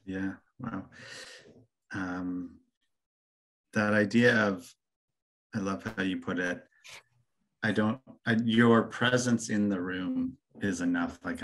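A man hosting an interview, speaking thoughtfully and affirmingly, often pausing and restarting. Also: low-pitched, steady tone, fairly bright tone, rough recording. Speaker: interview host. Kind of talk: conversational interview.

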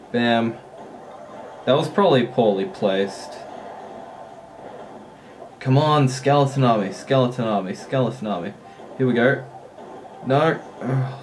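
Excitable gamer, slow-talking. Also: male voice, medium pitch, slight background noise. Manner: excitable, swears and laughs at his own play. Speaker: gamer playing a mobile strategy game. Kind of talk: casual gameplay commentary.

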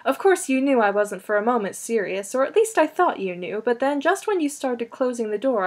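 A woman's voice: fairly high pitch, darkish tone. A woman voicing a proud seventeen-year-old girl, speaking in a fancy, affected, mocking tone.

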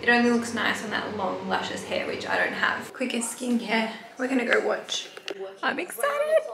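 Chatty Australian woman, gravelly voice. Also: fairly high pitch, steady tone, normal speed, a loud crowd. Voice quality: slight lisp. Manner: chatty, frank and swears freely, often drops to a hushed whisper. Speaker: vlogger. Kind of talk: casual vlog to camera.

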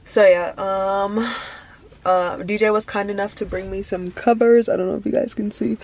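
A woman's voice: mid-range voice, steady tone, normal speed, gravelly, a little mellow. Chatty young woman vlogging from her car. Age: early 20s. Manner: chatty, rambling, with many fillers. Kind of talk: casual vlog chat. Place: inside a parked car.

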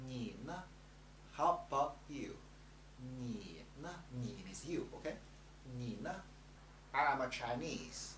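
Slow, lively-pitched language tutor. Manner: slow, repeats each sound for learners to copy. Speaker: Chinese tutor. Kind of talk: pronunciation lesson. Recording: echoey room with faint hum.

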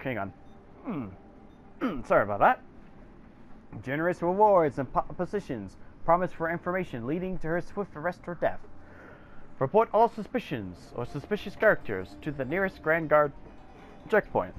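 A young woman commenting on a video game, giggly and excitable, reading in-game text aloud. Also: low voice, normal speed, slight background noise. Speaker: game streamer. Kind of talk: casual gameplay commentary.

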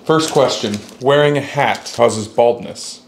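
A man's voice: medium pitch, a little slow, creaky, a little hiss or hum. A young American man co-hosting a casual quiz chat with his wife, dry and matter-of-fact. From United States. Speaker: co-host, husband. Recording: echoey room.

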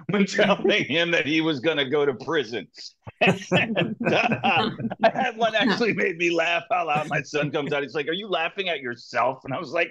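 Man, higher voice, casual chat, laughs often, dull lo-fi audio. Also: animated, moderate pace, a bit bright, no echo. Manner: laughs a lot while retelling scenes. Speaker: cast member on a panel. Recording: muffled lo-fi audio.

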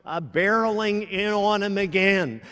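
A man preaching a sermon slowly and deliberately, often restarting his phrases. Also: high-pitched, pushed and bright. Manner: slow, deliberate, with many restarts. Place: large church. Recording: long church reverb.

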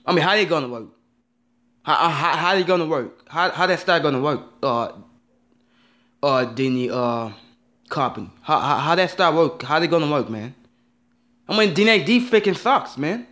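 A man's voice: fairly high pitch, lively intonation, normal speed, bright, forceful tone. A man ranting in a vlog, upset and rambling, repeating himself and swearing often. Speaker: vlogger.

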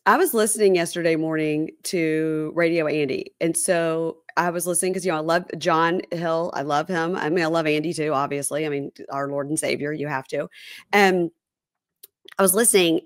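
A woman hosting a podcast with a somewhat low voice, chatty and quick to laugh. She is recorded close and dry, with no room sound. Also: no room sound. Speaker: podcast host. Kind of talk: casual chat.

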